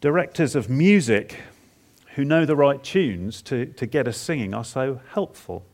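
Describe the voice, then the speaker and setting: With a medium pitch, lively intonation and a darkish tone, a man preaches expositorily at a conference. He dramatizes a psalm in first person, breaking off and repeating words for emphasis.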